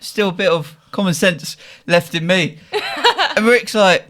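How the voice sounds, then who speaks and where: A man's voice: high voice, unhurried, fairly bright tone. A young man, a podcast host telling a story in a casual, slangy way and laughing often.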